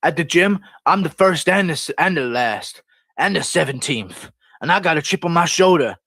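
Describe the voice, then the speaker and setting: A man's voice: fairly high pitch, lively intonation, moderate pace, fairly bright tone, no echo, clean studio sound, pitched above the performer's own voice. A man doing an impression of a male fighter who rambles in mixed-up, word-associating sentences. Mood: boastful. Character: rambling male fighter talking in non sequiturs.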